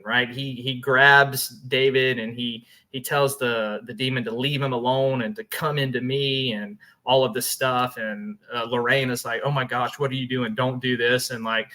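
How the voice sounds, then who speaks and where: A man with a bright, forward voice hosts a paranormal show. He tells his story casually, with lots of fillers and restarts, and breaks into laughter now and then. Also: mid-range voice. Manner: chatty, laughs often, many restarts and fillers.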